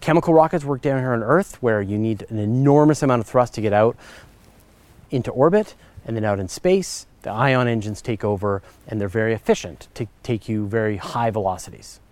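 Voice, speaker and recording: A middle-aged man talks through listener questions as a podcast host, chatty and eager, often pausing on fillers and correcting himself. His voice sits at an ordinary pitch and is recorded close and dry, with no room sound around it. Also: darkish tone, no room sound. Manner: chatty and enthusiastic, with frequent fillers and self-corrections. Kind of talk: casual explanatory chat.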